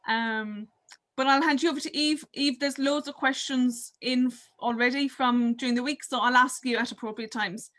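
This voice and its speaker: A woman's voice: sits high, fairly even intonation, normal speed, few pauses, fairly bright tone. An Irish woman hosting an online training programme, giving casual housekeeping notes with many fillers. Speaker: programme host.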